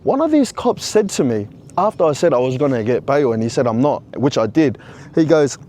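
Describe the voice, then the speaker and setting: A man's voice: medium pitch, big pitch swings, a little fast, darkish tone, slight background noise. A man casually recounting a personal story, with frequent restarts and plenty of "bro" and "you know". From Australia.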